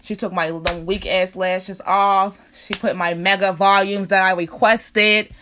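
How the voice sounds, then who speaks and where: A woman's voice: mid-range voice, fairly even intonation, a little slow, fairly bright tone, slight background noise. A young woman telling an angry, profane storytime rant about a bad salon visit. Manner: profane, heated, repetitive rant.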